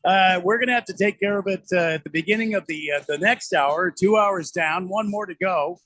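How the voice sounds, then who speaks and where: A man's voice: high voice, a little fast, pushed and bright, no echo. A man hosting a sports radio show, rambling and joking in a self-deprecating way, reading listener texts. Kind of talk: casual radio banter. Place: radio studio. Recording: dry studio sound.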